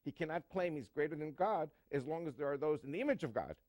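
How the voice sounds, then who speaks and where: A man's voice: fairly high pitch, animated, fast, darkish tone, no room sound. A man answering questions as a guest in an interview, emphatic and full of fillers and jokes.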